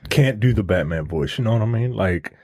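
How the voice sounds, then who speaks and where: Male podcast co-host, lively swinging pitch, husky tone, casual swearing banter. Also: fairly quick. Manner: animated, laughing, swears freely. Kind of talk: casual chat.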